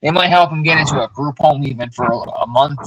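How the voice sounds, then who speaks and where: A man's voice: on the high side, fast, noisy background. A man hosting a livestream, telling blunt, profane stories in casual chat. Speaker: livestream host.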